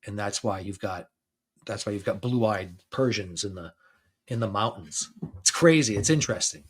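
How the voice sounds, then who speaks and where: A man's voice: fairly low pitch, animated, normal speed, slight background noise. A man in his fifties hosting a podcast, talking casually, laughing often and restarting his sentences as he tells stories. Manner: chatty storytelling, laughs often between phrases; restarts and repeats words. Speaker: podcast host. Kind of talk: casual conversation.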